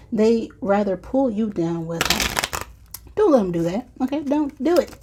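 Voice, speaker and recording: Slow, mellow-voiced woman tarot reader. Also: mid-range voice, a little hiss or hum. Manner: reflective, talks straight to the viewer, sighs and soft asides. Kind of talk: collective tarot and oracle card reading.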